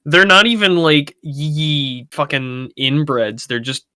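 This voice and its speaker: A man's voice: on the high side, steady tone, slow pace, pushed and bright, smooth, dry recording. A man as podcast guest in casual chat, blunt and mocking.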